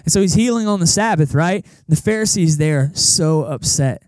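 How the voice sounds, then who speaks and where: Young male pastor, mellow and fairly high voice, animated sermon delivery, dry close sound. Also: normal speed, no room sound. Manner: animated, conversational preaching with acted-out quotes. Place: church service in a cinema auditorium.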